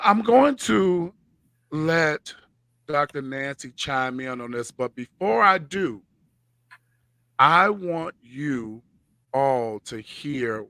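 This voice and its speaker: A man hosting a talk show, speaking slowly and personally in a soft, reflective way. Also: a little high, gravelly, no room sound. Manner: slow and personal, soft-spoken with gentle laughs. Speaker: show host.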